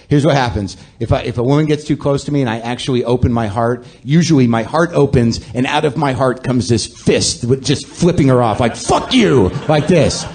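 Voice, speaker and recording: A man's voice: mid-range voice, fairly quick, hardly any pauses, darkish tone. A man hosting a podcast, delivering a sardonic, self-deprecating comic monologue in a ranting manner to a live audience. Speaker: podcast host.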